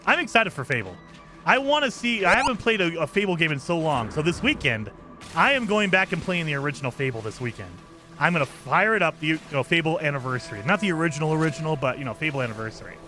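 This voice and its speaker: Male game streamer, rambling casual chat, highish pitch, very animated intonation. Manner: rambling, enthusiastic, thanks viewers for gifts.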